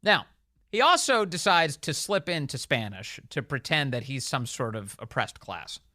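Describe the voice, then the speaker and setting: A man's voice: mid-range voice, animated, normal speed, bright, forceful tone, no echo, clean studio sound. A man hosting a talk radio show, delivering opinionated commentary in a sarcastic, mocking way and laughing often.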